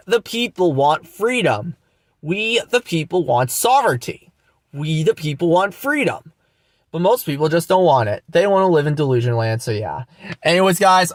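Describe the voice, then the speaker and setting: A man's voice: a little high, no echo. A young man hosting his own channel, delivering an angry, mocking, profanity-filled rant full of repeated lines. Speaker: channel host. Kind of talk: ranting monologue vlog.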